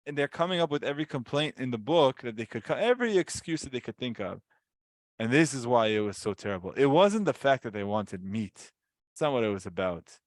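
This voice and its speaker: A man's voice: medium pitch, big pitch swings, fairly quick, dry recording. A man giving a casual weekly Torah lesson, telling the story with animation and acting out voices. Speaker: Torah teacher.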